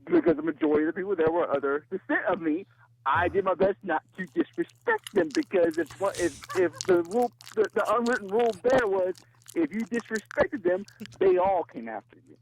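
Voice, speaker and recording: A man's voice: sits high, very animated, a little fast, creaky, slight background noise, poor audio. A man calling in to a radio show and telling a story, laughing often as he talks. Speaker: caller.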